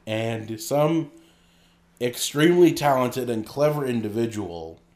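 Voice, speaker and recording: A man's voice: lowish voice, darkish tone. A man co-hosting a podcast in casual, joking chat, laughing often and talking animatedly. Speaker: podcast co-host.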